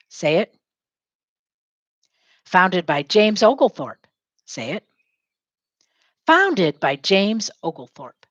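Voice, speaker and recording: Lively woman teacher dictating class notes. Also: mid-range voice, slow, pauses often, lo-fi sound. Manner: repeats phrases for students to echo, spells words aloud; lively, talks to herself while working.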